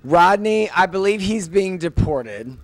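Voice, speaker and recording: A young man with a rather high voice chats as an interview guest. He gossips bluntly and swears freely, in relaxed talk. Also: measured pace, low-quality recording. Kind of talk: casual interview chat.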